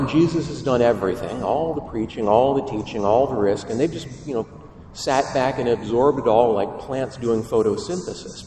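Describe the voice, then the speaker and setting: Priest giving a sermon, bouncy delivery, echoey church from far off, faint room hum. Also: male voice, medium pitch. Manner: lively preaching with rhetorical questions. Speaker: Catholic priest.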